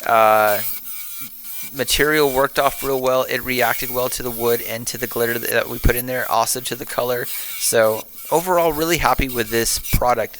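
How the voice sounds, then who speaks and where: A man's voice: mid-range voice, noisy background. A man with a Texan accent giving tired, rambling, self-deprecating voice-over commentary on his woodturning project late at night. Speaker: woodturning channel host.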